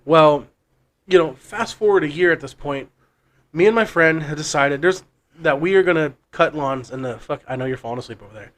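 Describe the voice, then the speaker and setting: A podcast co-host spins a long, meandering story in a casual, profane way. His voice sits a little high for a man, and he keeps doubling back over his own words. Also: brisk, a bit bright. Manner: rambling and profane, with frequent restarts and laughs.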